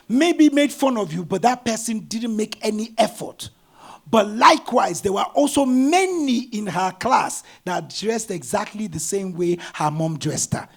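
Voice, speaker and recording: Middle-aged male pastor, husky high voice, lively storytelling sermon. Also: measured pace. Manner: animated storytelling, bursts of shouting.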